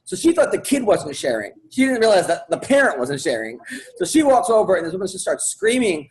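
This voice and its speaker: A man's voice: high voice, very animated, fairly quick, low-quality recording. A man hosting a comedy podcast, telling a long story in casual chat with lots of restarts and filler words.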